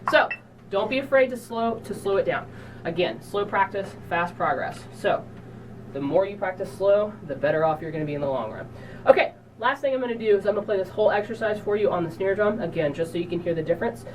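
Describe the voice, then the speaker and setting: A woman's voice: fairly low pitch, fast, very noisy. Woman drum teacher, mic at a distance. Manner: relaxed, encouraging, counts beats aloud. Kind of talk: instructional lesson. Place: percussion studio.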